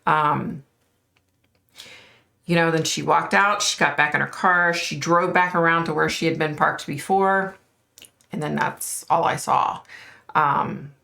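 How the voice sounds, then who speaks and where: A woman's voice: low-pitched, steady tone, a little slow, vocal fry, pauses often, pushed and bright. A woman vlogger recounting a psychic vision in a loose, rambling way, full of fillers. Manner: rambling, many fillers, points at an imagined map. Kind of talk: casual storytelling to camera.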